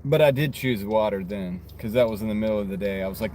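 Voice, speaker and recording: A man's voice: fairly low pitch, fast talker. A man chatting casually on a live stream as a delivery driver, rambling and reading out his orders. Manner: rambling, chatty, reads out orders and answers chat. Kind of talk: casual live-stream chat while driving. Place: inside a car. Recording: noisy car interior.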